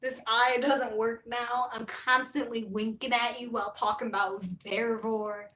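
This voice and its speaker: A woman's voice: fairly high pitch, flat delivery, measured pace, pushed and bright, far from the mic. A young woman live streamer chatting casually with her viewers, rambling, giggly and self-deprecating. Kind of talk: casual livestream chat. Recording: roomy echo, voice a little off-mic.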